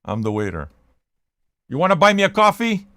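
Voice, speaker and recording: An older man with a fairly high voice that leaps up and down as he rambles, loud and profane. He talks straight into a close mic in a dry basement room with no echo. It sounds like a casual host ranting to a live audience. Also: very animated, brisk. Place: home basement.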